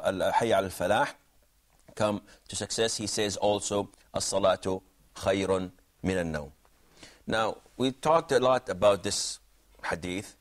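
A man teaching a religious jurisprudence class, explaining points and quizzing students by name. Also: fairly low pitch. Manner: questioning, explanatory, repeats himself. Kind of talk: classroom lesson with questions to students.

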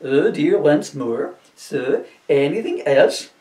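A man voicing a slow, stolid, deadpan village policeman. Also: on the high side, recorded from a distance. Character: plodding, polite male village constable. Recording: roomy echo, voice from off-mic.

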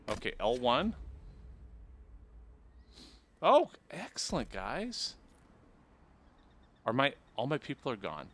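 A man's voice: mid-range voice, big pitch swings, slow, pauses often, a bit bright, slight background noise. A man giving playful, jokey commentary while he plays a video game and talks to his viewers. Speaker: let's play gamer. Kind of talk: casual gameplay commentary.

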